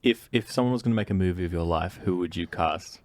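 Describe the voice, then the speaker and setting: A man co-hosting a podcast, talking in a relaxed, rambling and playful way. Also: deep voice, quick pace, no echo. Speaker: podcast co-host. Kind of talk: casual chat.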